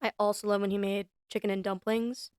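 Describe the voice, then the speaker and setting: A woman's voice: mid-range voice, flat delivery, a little fast, a little mellow, smooth, no echo, clean studio sound. A woman co-hosting a podcast, talking casually in a chatty, emphatic and frank way. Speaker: podcast co-host. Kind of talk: casual chat.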